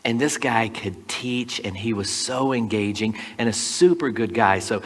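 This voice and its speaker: A pastor telling stories from the pulpit in a relaxed, folksy way, with asides to the congregation. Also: male voice, lowish voice, measured pace. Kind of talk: conversational storytelling sermon. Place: church sanctuary. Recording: long reverb of a large church hall.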